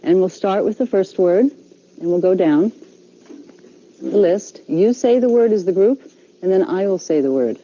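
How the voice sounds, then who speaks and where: A woman's voice: medium pitch, lively intonation, measured pace, pauses often, dark tone, highs cut off, slight background noise. A woman language teacher giving patient classroom instructions, repeating herself often and checking in with "okay".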